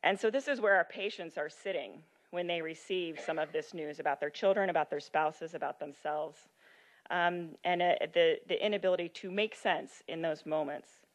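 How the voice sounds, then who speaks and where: Woman lecturer reading aloud, lower voice. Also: normal speed. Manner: expressive reading, then loose talk with many ums. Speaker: medical ethics lecturer.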